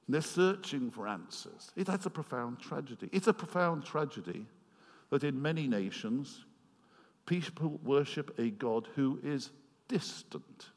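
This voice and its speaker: A man preaching a sermon, retelling a story with animated swings between loud passages and quiet, earnest asides. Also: mid-range voice, measured pace. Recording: long hall reverb.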